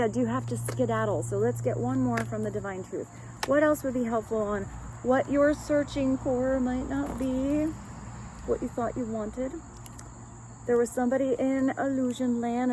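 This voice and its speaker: A woman's voice: on the high side, warm tone, slight background noise, poor audio. A woman giving a casual, rambling love reading as a tarot reader, chatting with light laughs.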